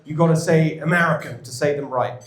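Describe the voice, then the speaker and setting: A man with an English accent answering audience questions at a campaign event, emphatic and energetic. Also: a little high. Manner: emphatic and energetic, quick restarts. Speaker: political candidate speaking at a club event. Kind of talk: campaign Q&A speech. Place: indoor event room with an audience. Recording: echoey room.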